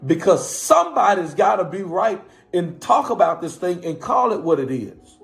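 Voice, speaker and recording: Fervent high-voiced pastor preaching to viewers. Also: male voice, big pitch swings, normal speed, creaky, soft background music. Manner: preaching cadence, repeatedly calling on listeners. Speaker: pastor and live-stream host. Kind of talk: impassioned live-stream talk to viewers.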